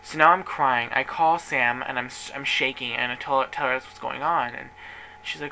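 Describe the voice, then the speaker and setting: Young man vlogging a personal story, emotional and rambling, very bright voice, faint hiss. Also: mid-range voice, steady tone, fairly quick, low-quality recording.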